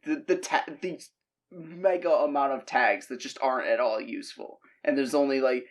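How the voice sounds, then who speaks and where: A man's voice: mid-range voice, normal speed. A man co-hosting a comedy podcast, talking in rambling, restarting sentences with chuckles. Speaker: podcast co-host. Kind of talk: casual comedic chat.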